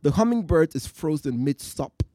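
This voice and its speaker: A man from West Africa, a poet and storyteller, performing live in a festival tent with measured, rhythmic, vivid delivery. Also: on the high side, lively intonation, dark tone, no echo, clean studio sound. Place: night-time festival marquee.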